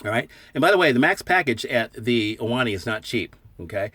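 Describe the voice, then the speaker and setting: A man's voice: medium pitch, animated, a little fast, sharp tone, slightly rough, no echo. A man hosting a casual vlog, telling a jokey made-up story and laughing as he acts out the dialogue. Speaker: silver stacking channel host.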